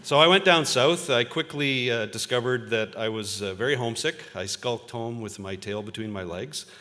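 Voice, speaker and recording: A man's voice: medium pitch, normal speed, bright, forceful tone. Man speaking in a big hall. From Ontario, Canada. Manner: conversational storytelling, self-deprecating, with frequent uh fillers. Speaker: convocation speaker, journalist. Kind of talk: convocation address with personal stories. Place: large convocation hall. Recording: reverberant hall.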